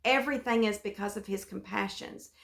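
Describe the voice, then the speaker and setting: A woman's voice: mid-range voice, a little fast, creaky, fairly bright tone. A woman giving an earnest devotional Bible teaching, often repeating phrases and restarting her sentences. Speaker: devotional speaker.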